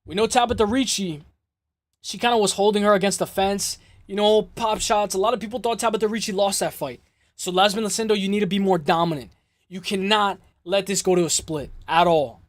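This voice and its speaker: A man with a rather high voice hosts a live fight stream in a loose, casual way. He swears freely and chats straight back to his viewers. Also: fairly even intonation, a little fast, no echo. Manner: loose, swearing, reads chat aloud. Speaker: host of a live MMA stream.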